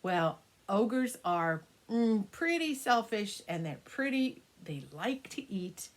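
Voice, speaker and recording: Making up a children's story as she goes, this older grandmother uses a medium-pitched voice at a slow pace. She's animated, occasionally sinking to a hushed whisper.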